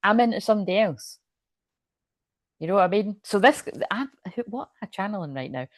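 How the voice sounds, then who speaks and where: A woman's voice: medium pitch, animated, a little fast, no echo. A woman reading tarot cards on a live stream, chatty and laughing often, with rambling asides. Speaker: tarot reader.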